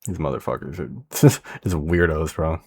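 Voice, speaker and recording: Man, low voice, laid-back streamer, casual and profane chat with viewers. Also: lively intonation, moderate pace. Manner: laid-back, swears a lot, addresses chat directly. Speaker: streamer reacting to a video.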